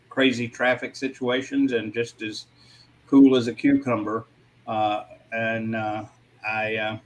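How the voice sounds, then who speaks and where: A man in a casual panel discussion, speaking in a reflective way with frequent pauses. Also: mid-range voice, poor audio.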